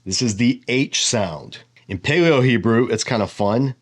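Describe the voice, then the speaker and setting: A man's voice: medium pitch, expressive, measured pace. A man giving a casual whiteboard lesson as a Bible teacher, explaining step by step and thinking aloud with asides.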